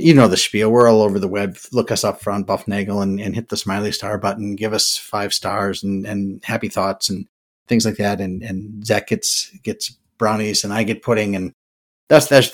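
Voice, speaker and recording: A man's voice: lowish voice, fairly even intonation, moderate pace. An older man hosting a podcast, talking through his thoughts in a reflective, musing way and often restarting his words. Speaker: podcast host. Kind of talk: casual podcast monologue.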